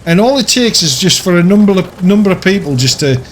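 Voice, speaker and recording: A man's voice: high-pitched, normal speed, a little hiss or hum. A man giving casual, ranting commentary over his gameplay, chatty and often laughing. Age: older. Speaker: gaming YouTuber.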